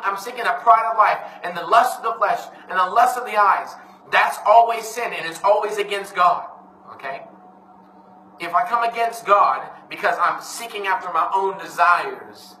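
Man, preacher, informal sermon, emphatic, high voice, distant mic, roomy echo. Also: pushed and bright, slight background noise. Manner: earnest, emphatic, often says "man". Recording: echoey room, voice from a distance.

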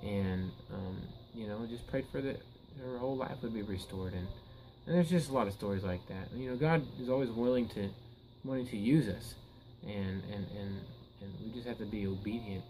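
A man's voice: fairly low pitch, moderate pace, dark tone, slight background noise, poor audio. A man preaching a Bible teaching sermon in an earnest way. He often repeats words and restarts his sentences, then rises to emphatic peaks.

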